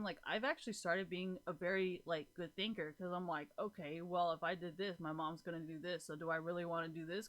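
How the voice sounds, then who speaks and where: A woman's voice: fairly low pitch, a bit bright. A young woman casually telling a story to the camera in a rambling vlog, laughing often, swearing freely and filling her talk with "like". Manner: rambling, giggly, swears a lot, lots of "like". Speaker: vlogger.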